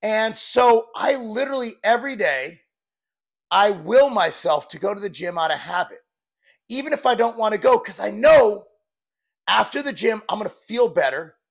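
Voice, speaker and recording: A man's voice: high voice, expressive, moderate pace, vocal fry. A man in his forties, a fitness coach, talking candidly and bluntly in a rambling, casual vlog style. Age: 40s.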